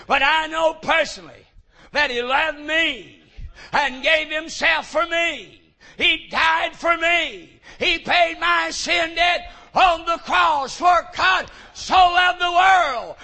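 A man preaching a sermon, fervent and declamatory, building to shouted refrains. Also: extremely high pitch, creaky.

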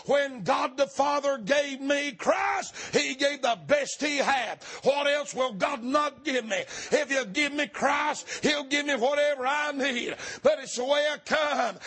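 A man preaching a fervent sermon, often breaking into shouts. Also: very high voice.

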